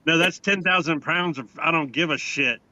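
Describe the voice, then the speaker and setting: A man with a bright, somewhat high voice trades crude, profane jokes and rambling stories in loose chat among friends. His voice comes through a dull, lo-fi recording. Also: moderate pace, a little hiss or hum. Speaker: podcast co-host.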